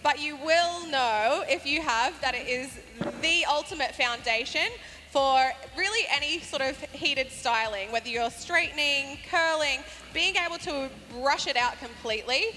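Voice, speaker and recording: Bright, high Australian woman on a hall stage. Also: measured pace, soft background music. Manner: chatty, laughs easily, explains as she works. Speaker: hairstylist presenting on stage. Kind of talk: live stage demonstration. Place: large event hall on stage. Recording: live hall with long reverb.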